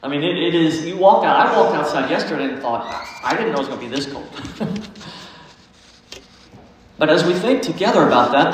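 A man's voice: fairly high pitch, a bit bright, far from the mic. Man, folksy preacher, long hall reverb, faint noise. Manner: earnest, folksy. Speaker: pastor. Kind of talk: sermon.

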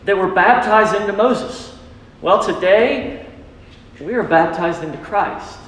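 A man preaching to his church with a high, ringing voice. He leans on emphatic lines and throws questions out to the congregation for them to answer. The sound carries a long, booming reverb from the sanctuary around him. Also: slow pace, fairly bright tone. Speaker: pastor. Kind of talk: sermon. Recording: echoey church hall.

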